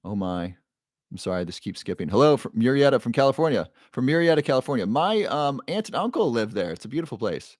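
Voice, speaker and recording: Speaking fast in a sing-song, mid-range voice, this man hosts a casual livestream from a clean studio with no room sound. He's a neuroscientist who reads chat names out upbeat, greets his viewers, and lets out playful roars.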